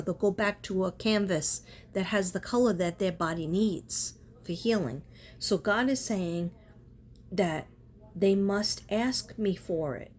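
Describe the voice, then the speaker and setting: A woman with a mid-range voice talks in a spiritual vlog she makes as an artist, earnest and meandering, frequently cutting herself off and restarting. A faint hiss or hum sits under the recording.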